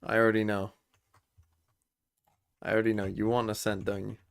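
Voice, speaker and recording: Gravelly streamer thinking out loud. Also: male voice, on the low side, little pitch movement, moderate pace. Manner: thinks aloud, muttering guesses and reading chat. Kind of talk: casual livestream chat.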